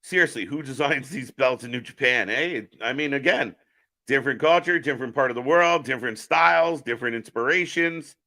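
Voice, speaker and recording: Bright-voiced man hosting a live watch-along. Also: mid-range voice, brisk. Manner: chatty, answers viewer chat while calling the action. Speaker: live stream host. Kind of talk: casual live wrestling watch-along commentary.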